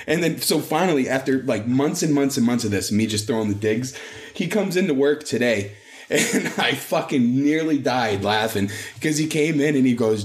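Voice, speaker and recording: A man's voice: medium pitch, normal speed, a little hiss or hum. A man in his thirties, co-hosting a casual podcast, telling profane work stories and acting out what people said. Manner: profane storytelling, animated retellings. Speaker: podcast co-host. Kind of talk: casual chat.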